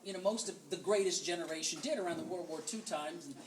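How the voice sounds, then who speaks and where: A man's voice: high-pitched, quick pace, a little hiss or hum. A man giving a humorous keynote speech at a banquet, telling folksy stories and joking at his own expense. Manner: folksy, joking, self-deprecating. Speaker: keynote speaker. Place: banquet hall with audience. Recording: roomy hall, far from mic, audible audience. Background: audience laughter.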